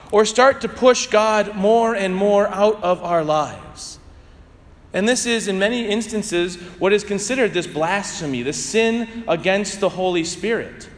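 Man preaching a homily, high voice, long church reverb, emphatic then soft endings. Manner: swings from emphatic rises to soft, drawn-out endings. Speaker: priest.

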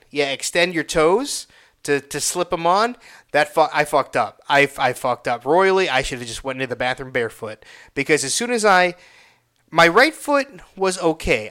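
Young man, bright tense voice, rambling and profane, casual storytelling. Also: a little high. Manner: profane, rambling, reenacts his own pained outbursts.

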